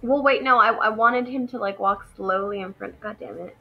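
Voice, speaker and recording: A woman's voice: medium pitch, moderate pace, creaky. A woman plays a tabletop game and chats casually, with lots of fillers. The recording sounds dull and lo-fi, with faint music underneath. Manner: casual, chatty, filler-heavy. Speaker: player.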